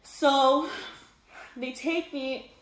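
A young woman with a high voice recounts a hard stretch of her life, her words wet with tears and broken by shaky laughs. She swears freely and talks in a loose, casual way. The room around her rings with a roomy echo. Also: fairly even intonation, very slow. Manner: tearful, breaks into crying laughs, swears casually. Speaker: vlogger. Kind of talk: emotional personal storytelling. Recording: echoey room.

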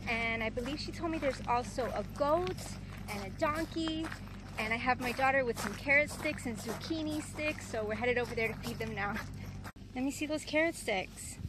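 A woman's voice: sits high, normal speed, background noise. A woman vlogging outdoors on a farm, chatting casually to the camera and cooing in baby talk at the animals. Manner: coos and baby-talks to animals, excitable. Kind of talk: casual vlog chat.

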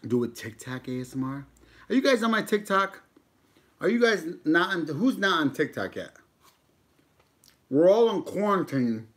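A man's voice: on the high side, very animated, normal speed, long pauses, fairly bright tone. A man in his thirties from the United States, chatting casually and joking while eating on a live stream, swearing freely. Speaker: mukbang YouTuber.

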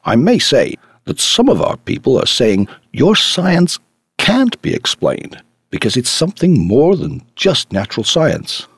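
A man's voice: mid-range voice, huge pitch swings, a little slow, husky, no echo, studio quality, pitched above the performer's own voice, heavily acted. A man reading the part of a brash, talkative male journalist in an audiobook, eager and insistent.

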